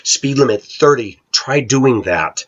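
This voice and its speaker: A man's voice: medium pitch, animated, takes it slowly, slightly rough, muffled recording. A middle-aged man with a blunt, ranting manner, talking casually to viewers in a vlog. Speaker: vlogger.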